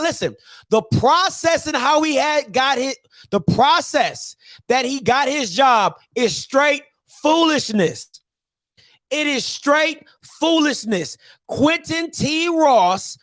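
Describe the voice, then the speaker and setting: A man hosting a live sports talk show, ranting in an animated, slangy, mocking way. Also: very high-pitched, no echo. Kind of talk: live solo sports rant.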